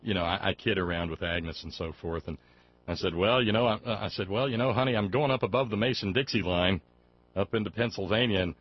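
A man's voice: on the low side, steady tone, a little fast, slightly rough. A man from Alabama with a Southern accent, hosting a call-in radio show, telling folksy stories and arguing politics with growing heat. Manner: folksy storyteller, rising to heated political argument. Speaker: talk radio host. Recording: muffled dry radio broadcast sound.

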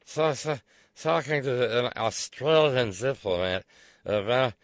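A man's voice: mid-range voice, lively intonation, takes it slowly, no room sound, clean studio sound. A man hosting a political talk radio show, sarcastic and profane, who stumbles into restarts.

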